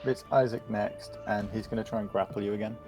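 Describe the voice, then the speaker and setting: A man running a tabletop game as game master, narrating calmly and matter-of-factly. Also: fairly low pitch, fairly quick, over loud music. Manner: calm, matter-of-fact narration with fillers.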